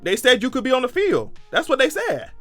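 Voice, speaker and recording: A man giving sarcastic, animated, profane commentary in a casual vlog. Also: extremely high pitch, a little fast, soft background music. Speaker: commentary vlogger.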